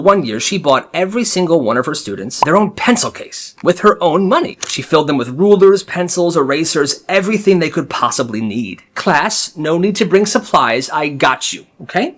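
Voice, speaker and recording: Man storyteller, casual and punchy, lively swooping pitch. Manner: animated, punchy delivery.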